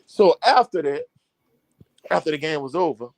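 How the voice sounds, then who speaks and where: A man, a high school coach, telling a long sports anecdote in casual chat with slang and many fillers. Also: lively intonation, normal speed, no room sound. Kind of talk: casual podcast storytelling.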